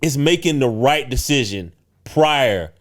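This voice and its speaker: A man's voice: medium pitch, expressive, unhurried. A man co-hosting a podcast, talking emphatically and often checking in with "right?". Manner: emphatic, preachy, leans on "right?". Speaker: podcast co-host. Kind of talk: casual podcast talk.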